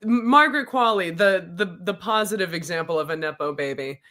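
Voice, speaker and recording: A woman guest in a casual comedy chat, wry and quick to laugh. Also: fairly low pitch, expressive, sharp tone.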